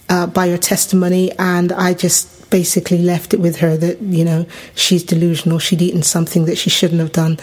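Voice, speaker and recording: Middle-aged English woman, podcast host, animated storyteller who jumps high when quoting others. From England. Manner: animated, acts out quoted voices with big pitch jumps. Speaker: podcast host sharing her testimony. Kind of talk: personal storytelling.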